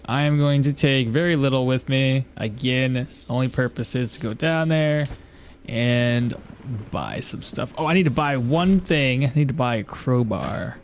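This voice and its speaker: A gameplay streamer with a medium-pitched voice offers casual commentary at a measured pace, thinking out loud as he plays and laughing at messages from chat. There's slight background noise.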